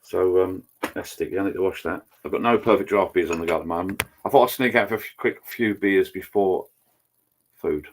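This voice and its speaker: A man's voice: low-pitched, a little fast, slight background noise. A middle-aged man, rambling casually on a live stream from his home bar and greeting viewers by name. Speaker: channel host. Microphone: laptop.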